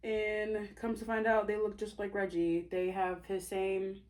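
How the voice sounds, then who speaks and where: A young woman telling a story in a casual, animated, slangy way while doing her makeup. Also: mid-range voice, unhurried. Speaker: vlogger and author.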